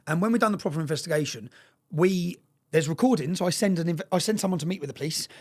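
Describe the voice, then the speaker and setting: A man's voice: fairly high pitch, fast, darkish tone. A man, a guest telling stories with insistent energy and ending his phrases with questioning "yeah?" tags. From England. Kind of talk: impassioned storytelling in conversation.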